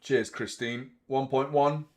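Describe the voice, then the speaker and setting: Male watchalong host, excitable live match reactions, loud, sweary. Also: medium pitch, takes it slowly. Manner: excitable, swears, shouts at the play.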